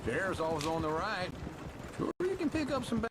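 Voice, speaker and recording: A man's voice: high voice, big pitch swings, normal speed. An actor playing a lazy, joking old male outlaw who teases and boasts with a chuckling drawl, as video game dialogue. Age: older. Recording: game audio with loud hoofbeat noise. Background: horse hooves and wagon sounds.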